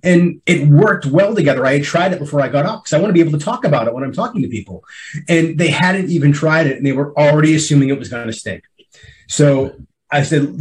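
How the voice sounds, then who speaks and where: A man's voice: mid-range voice, fairly quick, poor audio. A man, a sommelier at wine dinners, telling a story in a casual chat, with many restarts and acted-out bits of dialogue.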